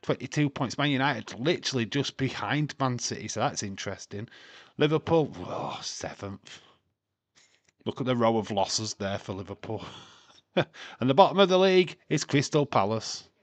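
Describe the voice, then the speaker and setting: A man's voice: mid-range voice, expressive, moderate pace, no echo. Chatty swearing man hosting a watch-along. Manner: chatty, swears freely, laughs often, reads scores aloud. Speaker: live stream host. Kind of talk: casual live watch-along commentary.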